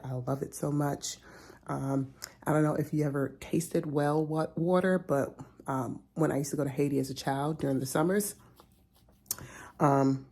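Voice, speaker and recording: A woman vlogger with a low, mellow voice and vocal fry chats casually about food. She's chatty and sometimes drifts down into a whisper.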